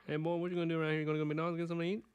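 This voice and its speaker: A man voicing a loud, rowdy redneck relative with a Texas accent and an exaggerated country drawl. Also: fairly high pitch, level tone, rapid-fire, clear, resonant tone, voice pushed up, lightly acted. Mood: hollering.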